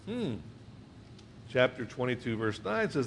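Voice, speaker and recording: A man's voice: mid-range voice, normal speed, a bit bright, slight background noise. A man preaching to a congregation, reading scripture aloud and explaining it conversationally, often asking his listeners questions. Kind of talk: verse-by-verse Bible teaching.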